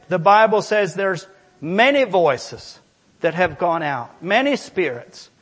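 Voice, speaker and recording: Slow, high-voiced male preacher. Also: expressive, a bit bright, husky. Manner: emphatic, repetitive preaching with scripture reading. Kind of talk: sermon.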